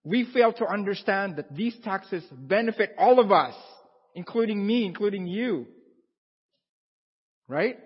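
Husky-voiced pastor in a reverberant hall. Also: male voice, a little high. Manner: chatty, repeats himself, asks the congregation questions. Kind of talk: conversational sermon. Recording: dull sound with long hall reverb.

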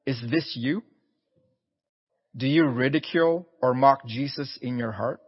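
A man's voice: mid-range voice, measured pace, breathy edge, long reverb tail, highs cut off. A man preaching a sermon in an earnest, pleading way, often repeating his words.

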